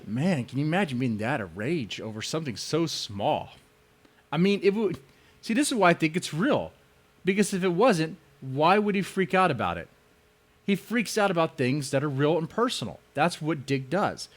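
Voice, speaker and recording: Sarcastic male stream host, lively pitch. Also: moderate pace. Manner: sarcastic, mock voices, lively swings in tone. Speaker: stream host reacting to a debate. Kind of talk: mocking live-stream commentary.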